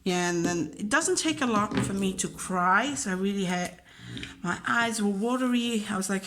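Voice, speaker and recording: A woman's voice: mid-range voice, normal speed, a bit bright, slight background noise. A woman, a teacher chatting casually and openly about her job, with many fillers and acted-out quotes. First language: Dutch. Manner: chatty, emotional, acts out quoted dialogue. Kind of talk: casual chat.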